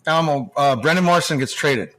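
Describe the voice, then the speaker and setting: Profane middle-aged male storyteller, fairly high voice. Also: brisk, faint music behind. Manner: animated, profane anecdote-telling with restarts. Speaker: podcast guest, former hockey player. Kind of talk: casual storytelling chat.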